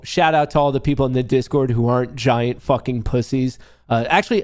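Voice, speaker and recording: A man's voice: medium pitch, a little mellow. Profane, ranting young man hosting a stream. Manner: heated, mocking, heavy swearing; sarcastic. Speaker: trading livestream host.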